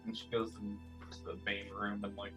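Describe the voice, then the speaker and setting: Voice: sits low, little pitch movement, a little fast, music in the background. A player in a tabletop game, describing their character's actions casually with lots of fillers.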